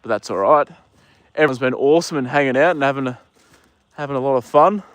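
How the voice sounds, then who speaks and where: A relaxed man with an Australian accent talks casually into his phone outdoors in a paddock. He chats with viewers and speaks to the horses in a gentle, easygoing voice. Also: mid-range voice, quick pace, smooth, dry recording. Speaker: livestreamer. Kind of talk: casual livestream chat.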